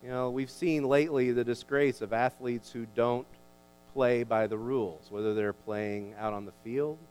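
A male pastor delivering a sermon in an emphatic, animated way, stumbling and restarting as he builds his points. His voice sits at an ordinary middle pitch. A long reverb trails behind him, as in a church sanctuary. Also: moderate pace, smooth.

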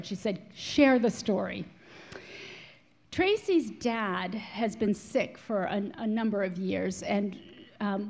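A woman speaking to a Christian gathering, telling a prayer story in an animated, expressive way. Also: mid-range voice. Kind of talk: storytelling talk to an audience.

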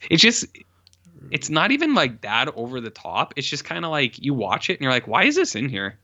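A man in casual podcast chat reviewing a film, rambling along with many fillers and quick self-corrections. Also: medium pitch, very animated, pushed and bright, no room sound, dull audio. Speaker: podcast co-host reviewing films.

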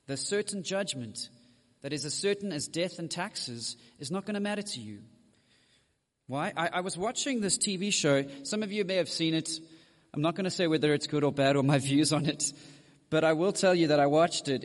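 Man, preacher, sermon, high voice, direct asides to the congregation, long church-hall reverb. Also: normal speed.

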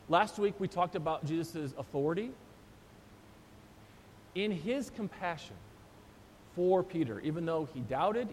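A pastor preaching a sermon, retelling the story with animated voices for the disciples. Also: male voice. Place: church sanctuary. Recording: long church reverb, faint rumble.

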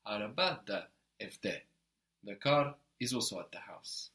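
A man teaching a one-on-one language lesson, explaining patiently and often checking with a quick question. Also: lowish voice, expressive, pushed and bright.

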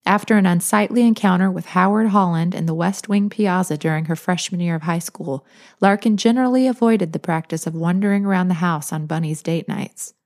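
Calm, low-voiced woman narrating. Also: a little fast. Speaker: audiobook narrator. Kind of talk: scripted narration.

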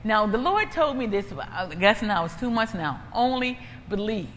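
Woman preacher, testimony style, emphatic and repetitive, lively pitch, hall reverb. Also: normal speed. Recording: echoey hall, faint ambient noise.

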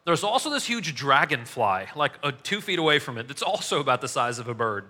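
Bright, chatty preacher in a reverberant hall. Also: male voice, medium pitch, big pitch swings, fairly quick. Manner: chatty, self-mocking, laughs at his own stories. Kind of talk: casual sermon with stories. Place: large church hall.

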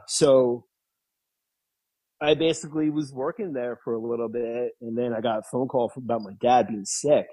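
A man in his thirties, a guest in an interview, telling stories casually, laughing often and acting out quotes in a higher voice. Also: a little mellow, breathy edge, poor audio. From New York. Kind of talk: casual storytelling.

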